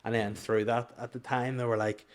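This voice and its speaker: A man's voice: mid-range voice, flat delivery, fairly quick. A young adult man, an actor, chatting casually on a podcast with a joking, rambling manner and frequent restarts. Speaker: actor guest.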